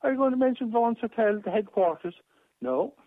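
A man's voice: extremely high pitch, fairly quick, no room sound. Aggrieved man on a tinny phone line. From Ireland. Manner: aggrieved, rambling with many restarts and repetitions. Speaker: caller. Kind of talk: phone-in radio talk.

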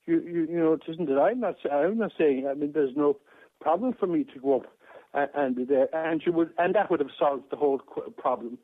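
An older man from rings in to a radio show, his voice sitting fairly high and coming through a thin, tinny phone line. He talks in an aggrieved, rambling way, circling back with many restarts and repeated words. The sound is dry and close. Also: a little fast, dry recording. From Ireland. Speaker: caller.

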